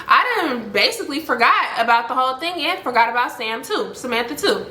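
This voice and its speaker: A woman in her twenties telling a story to camera in a casual, slangy, animated way, talking to viewers as y'all. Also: high voice, a little fast, reverberant. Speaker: storytime vlogger.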